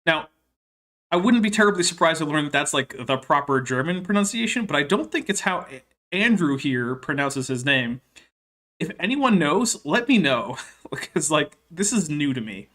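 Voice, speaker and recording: A man giving sarcastic reaction commentary, with dry, mocking asides and deliberate pauses. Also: on the high side, sing-song, fairly bright tone. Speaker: reaction video host.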